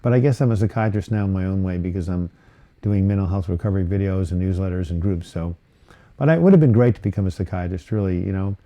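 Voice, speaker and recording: Chatty man with a dark, mellow voice. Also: low-pitched, fast talker, lo-fi sound. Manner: rambling, chatty, with frequent fillers and self-corrections. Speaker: host of a live viewer Q&A on mental health. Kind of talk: casual live-stream chat, reading and answering viewer comments.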